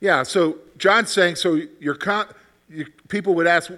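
A man's voice: on the high side, fairly even intonation, moderate pace, a bit bright. A man leading a Bible study class as its teacher, asking the group questions and often checking in with "okay?". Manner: keeps checking in with "okay?", repeats phrases. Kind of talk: interactive class discussion.

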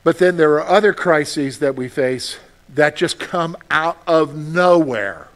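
Man pastor with a high voice, casual conversational sermon, asks the room questions. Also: slow.

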